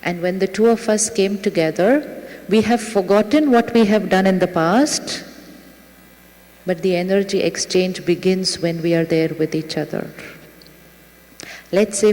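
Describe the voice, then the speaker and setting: Woman giving a spiritual talk in a reverberant hall. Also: on the low side. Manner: gentle, asks the audience rhetorical questions. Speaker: spiritual teacher. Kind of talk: spiritual talk to a live audience. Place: lecture hall with audience. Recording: long reverb of a large hall.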